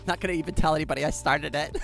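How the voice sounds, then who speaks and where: A woman's voice: deep voice, vocal fry, a bit bright. A woman streamer chatting casually with her viewers, giggly and playful, often laughing at herself. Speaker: live streamer.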